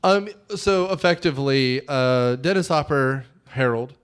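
A man's voice: mid-range voice, measured pace, clean tone. A man co-hosting a casual movie chat, joking and acting out quotes. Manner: joking, animated, acts out quotes. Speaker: podcast co-host.

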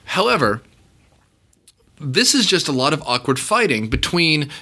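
A man with a fairly high, bright voice that swings up and down a great deal as he riffs. He talks like a podcast host picking apart a bad movie, sarcastic and rambling, restarting his sentences often. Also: sing-song, a little slow. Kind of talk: casual movie-review podcast chat.

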